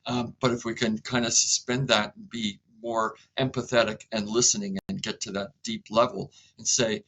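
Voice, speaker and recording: A man being interviewed as a guest, speaking in a calm, reflective way and sometimes acting out short dialogues between people. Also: on the low side, moderate pace, gravelly, few pauses, a little hiss or hum, poor audio. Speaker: inventor and guest. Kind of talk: conversational interview.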